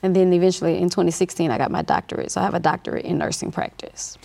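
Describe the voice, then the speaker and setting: A woman's voice: fairly low pitch, animated, racing, gravelly, warm tone. A woman, a nurse practitioner and clinic owner, answering interview questions with fluent storytelling.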